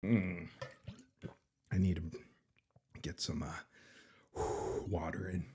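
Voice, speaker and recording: A man hosting a livestream in a casual, mocking style, sarcastic and quick to laugh, and out of breath. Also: low voice, level tone, warm tone, husky. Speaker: livestream commentary host.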